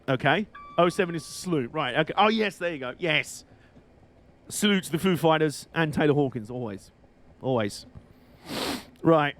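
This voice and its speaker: Male streamer, slightly high pitch, rambling and chatty, laughs a lot. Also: lively intonation, normal speed, long pauses, fairly bright tone. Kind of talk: casual live-stream commentary.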